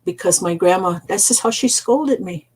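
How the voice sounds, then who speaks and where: An older woman, an elder storyteller, teaching gently in a soft, unhurried way and repeating phrases for emphasis. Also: fairly low pitch, expressive, breathy edge, rough recording.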